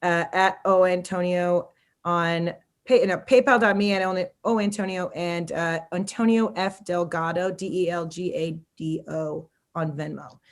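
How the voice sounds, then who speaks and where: A woman with an American accent, a comedian hosting a casual interview, chatty and excitable. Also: lowish voice, unhurried. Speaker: comedian host.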